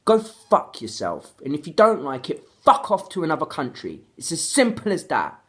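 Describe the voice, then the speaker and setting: A woman's voice: low voice, sing-song, brisk. A woman from London with a London accent, ranting angrily to camera in a vlog and swearing heavily as she repeats her complaints. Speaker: vlogger. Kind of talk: angry vlog rant.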